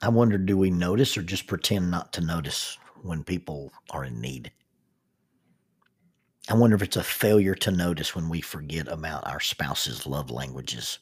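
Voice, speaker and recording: A man's voice: low-pitched, lively intonation, normal speed, slightly rough. A man giving a reflective spoken talk, thoughtful, with frequent restarts and rhetorical questions.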